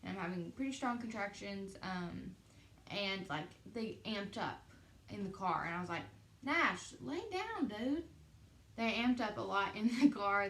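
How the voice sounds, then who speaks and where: A young woman vlogger telling a personal story casually, chatty and animated, acting out quoted conversations with lots of "like". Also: mid-range voice, reverberant, a little hiss or hum.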